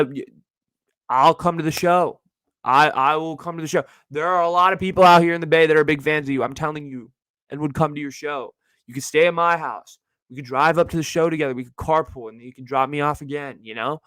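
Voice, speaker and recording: A man of twenty-one from Northern California, hosting his own show in a rambling, slangy solo rant that jumps to high, exasperated tones. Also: a little fast, a bit bright, clear, resonant tone, no room sound. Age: early 20s. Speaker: podcast host.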